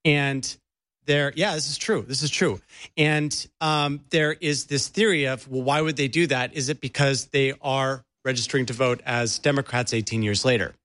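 A man's voice: mid-range voice, fairly even intonation, moderate pace, a bit bright. A man co-hosting a political talk radio show, sarcastic and incredulous. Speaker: radio co-host.

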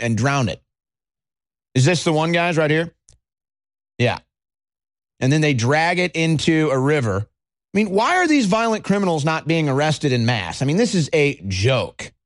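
A man hosting a political talk show, ranting in a combative, mocking way and swearing freely. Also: on the high side. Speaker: political commentary host. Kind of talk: angry political rant.

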